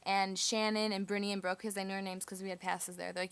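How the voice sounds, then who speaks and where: A woman's voice: mid-range voice, little pitch movement, fast talker, a bit bright, clear, resonant tone. A woman casually telling a personal story, chatty and full of "like" fillers.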